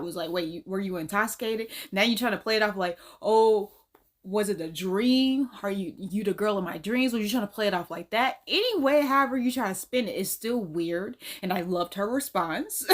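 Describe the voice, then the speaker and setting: A woman's voice: medium pitch, animated, a little fast, few pauses, a bit bright. A woman reacting to a video in casual commentary, incredulous and laughing, with loose slang. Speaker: reaction host.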